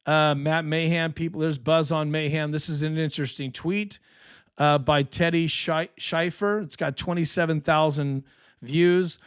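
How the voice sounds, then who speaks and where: A man hosting a casual live election podcast, rambling and sarcastic, tired from little sleep but excited. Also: a little high, measured pace, clear, resonant tone. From California. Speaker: political podcast host.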